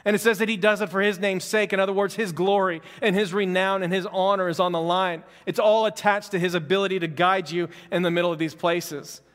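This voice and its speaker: A man delivering a sermon in a casual, conversational way, building fervor through repeated phrases. His voice sits high for a man. The sound carries a long reverb, like a large church sanctuary. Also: fairly even intonation, a little fast, hardly any pauses, fairly bright tone. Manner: conversational, fervent preaching with repetition. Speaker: pastor.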